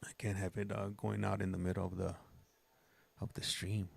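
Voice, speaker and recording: A man's voice: low-pitched, level tone, moderate pace, creaky, breathy edge. A man hosting a livestream, chatting casually and rambling with frequent restarts. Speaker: livestream host. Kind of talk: casual chat.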